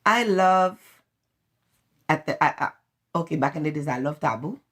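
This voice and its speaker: A woman's voice: low-pitched, moderate pace. A woman from Haiti with a Haitian accent, telling family stories in an interview and laughing often. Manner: animated, lively storyteller who laughs often. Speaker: interviewee, the host's mother.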